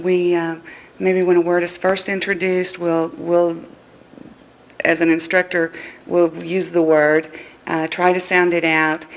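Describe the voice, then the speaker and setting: Low, flat-voiced woman explaining teaching. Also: poor audio. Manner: measured, explanatory. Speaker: language teacher. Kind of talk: interview answer.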